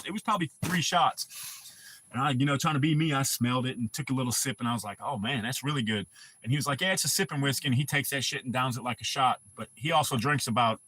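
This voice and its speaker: Bright, husky man rambling on a livestream. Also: mid-range voice. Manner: rambling, profane storytelling. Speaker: livestream host. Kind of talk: casual livestream chat.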